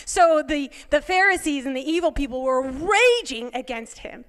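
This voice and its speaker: High-voiced, animated woman giving testimony. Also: normal speed. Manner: animated, acts out dialogue, drops to a hush at times. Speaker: church member giving testimony. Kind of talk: testimony told as a story. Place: church service.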